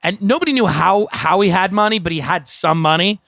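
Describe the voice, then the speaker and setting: A podcast host telling a rambling comedic story in an animated way, laughing at his own jokes. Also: high-pitched, brisk, gravelly, no echo. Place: outdoor deck.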